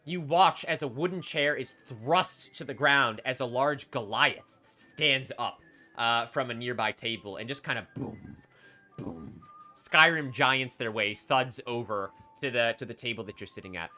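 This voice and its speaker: A man narrating a tabletop game as game master, in an animated, chatty way. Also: medium pitch, normal speed, faint music behind.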